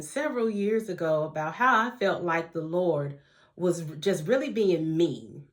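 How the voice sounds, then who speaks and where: Chatty woman preaching straight to camera. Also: mid-range voice. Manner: warm conversational preaching, addresses listeners as family and honey. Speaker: faith teacher. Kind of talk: casual devotional talk to camera.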